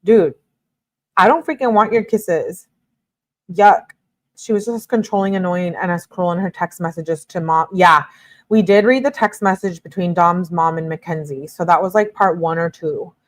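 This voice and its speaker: A woman with a slightly low-pitched voice reads a long string of text messages aloud for a true-crime commentary. Her delivery is plain and steady, and she stops now and then for exasperated asides to her viewers. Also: normal speed.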